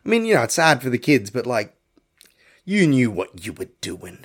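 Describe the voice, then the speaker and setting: A man's voice: medium pitch, very animated, normal speed, fairly bright tone, slightly rough. A man, hosting a podcast and rambling bluntly through a profane film review. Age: young adult to middle-aged. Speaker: podcast host. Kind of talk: casual film review rant.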